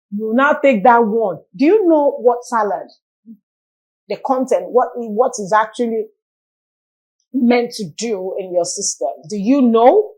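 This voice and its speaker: Nigerian woman, co-host, advising, measured. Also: fairly high pitch, a little mellow, rough recording. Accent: Nigerian English. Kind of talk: studio chat.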